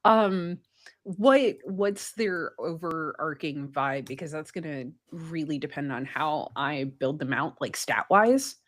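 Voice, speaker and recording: A woman's voice: sits low, slow. A woman co-hosting a podcast in casual chat, laughing often and swearing casually. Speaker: podcast co-host.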